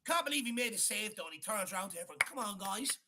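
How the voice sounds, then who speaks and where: A woman reacting live to a football match as a watchalong co-host, exasperated and shouting at the players. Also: medium pitch, expressive, rapid-fire, noisy background.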